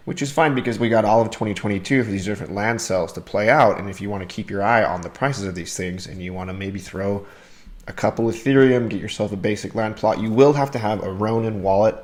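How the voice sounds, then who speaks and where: Lowish guy voice, crypto youtuber explaining stuff, hyped and chatty. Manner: enthusiastic, addresses viewers as "you guys". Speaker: crypto channel host. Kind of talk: casual explainer talk to camera.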